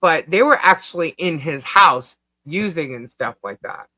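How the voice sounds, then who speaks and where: A man with a New York accent co-hosting a casual livestream, reading chat comments out loud in a scattered, distracted way. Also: fairly high pitch, expressive, normal speed, dry recording. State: hiccups. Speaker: livestream co-host. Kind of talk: casual live-stream chat.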